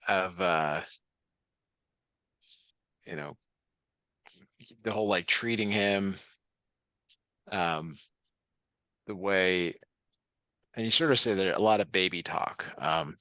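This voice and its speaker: A man's voice: deep voice, takes it slowly, pauses often, pushed and bright, clean tone, no room sound. A man tutoring a student online, patient and encouraging, with many fillers.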